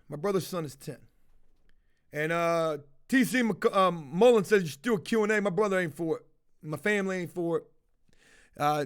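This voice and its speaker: A man's voice: high voice, fairly bright tone, clean tone. A man telling a personal story to his viewers in a casual, profane, conversational way, acting out the dialogue. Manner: profane, conversational, retells dialogue with many fillers.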